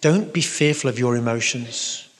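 A man's voice: medium pitch, moderate pace. An English man preaching a sermon with emphasis, repeating phrases for effect and throwing in playful noises. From England. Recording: long reverb of a large hall.

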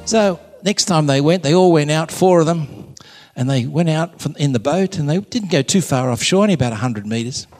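A man's voice: on the high side, normal speed, hardly any pauses, faint music behind. Man talking in a big reverberant hall. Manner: relaxed storyteller, jokey. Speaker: Catholic speaker. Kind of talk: live faith talk to an audience.

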